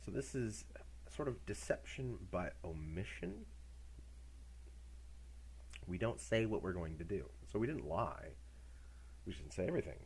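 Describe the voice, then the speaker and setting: A man's voice: lowish voice, sing-song, moderate pace, pauses often, darkish tone, a little hiss or hum. A middle-aged man giving a university lecture in a casual, jokey way, acting out examples as he goes.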